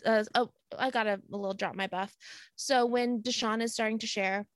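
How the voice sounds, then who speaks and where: A woman's voice: a little high, steady tone, moderate pace, no room sound, clean studio sound. A woman comedian guest chatting on a podcast, laughing often and acting out quoted lines. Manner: giggly, acts out quotes in bursts. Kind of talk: casual podcast chat.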